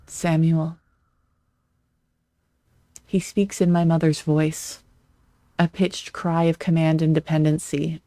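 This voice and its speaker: A let's play streamer reading a visual novel aloud in an even, flat delivery, with short asides of their own. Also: mid-range voice, dry recording.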